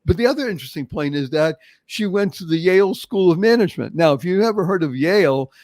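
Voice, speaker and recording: An older man from Boston with a Boston accent, hosting a motivational interview show with animated, emphatic storytelling. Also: high-pitched, quick pace, no echo. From Boston, Massachusetts. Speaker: show host.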